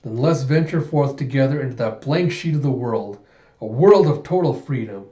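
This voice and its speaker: Brief: man reading as a cocky cyborg fighter, theatrical and taunting, loud, in a roomy muffled room. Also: mid-range voice, animated, normal speed, close to an everyday voice.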